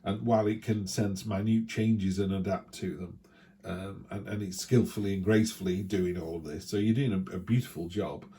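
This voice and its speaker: A man's voice: low voice, steady tone, normal speed, warm tone. A man giving a casual tarot reading, chatty and thinking aloud with many restarts. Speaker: tarot reader.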